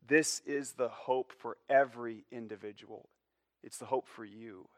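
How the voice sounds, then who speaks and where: Male pastor, sermon delivery, emphatic and earnest, bright forceful voice on a dry close mic. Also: mid-range voice, no room sound. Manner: earnest, emphatic preaching with repeated "you see" and falling phrase ends.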